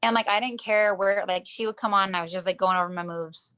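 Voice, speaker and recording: A woman dancer chatting in a casual interview over a video call, her voice sitting in an ordinary middle pitch. She tells her stories in loose, rambling runs, leans on "like" constantly, and slips into the voices of the people she quotes. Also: fairly even intonation, fast, pushed and bright, clear, resonant tone. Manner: rambling storytelling, heavy use of "like", acts out quotes. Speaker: professional dancer, interview guest.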